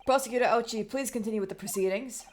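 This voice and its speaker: Woman voicing a formal male judge, high and commanding, game read. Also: quick pace, a little mellow, a little hiss or hum, close to an everyday voice.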